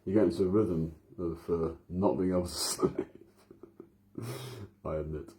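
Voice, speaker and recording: Late at night in a room at home, a vlogger in his thirties from the English Midlands rambles through a monologue, making self-mocking asides. His voice is low and warm, with a steady tone at normal speed.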